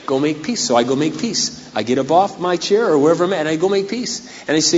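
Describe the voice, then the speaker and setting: Hoarse, dramatic pastor, slightly high voice, long reverb, muffled lo-fi sound. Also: male voice, fast talker, hardly any pauses, a little hiss or hum. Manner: dramatic and humorous, acts out scenes. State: voice going hoarse. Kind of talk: sermon. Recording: echoey hall on dull lo-fi recording.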